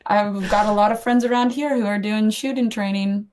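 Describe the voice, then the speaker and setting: A woman's voice: mid-range voice, steady tone, moderate pace, a little mellow, slight background noise. A woman guest on a podcast, an editor and curator, musing casually with lots of "like" and fillers.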